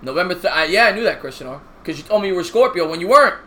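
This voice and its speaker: His voice pushed, bright and high, a man in his 30s races through very fast, expressive baseball play-by-play on a live stream. He's chatty and jokey, reading viewers' comments aloud and giving chat shoutouts.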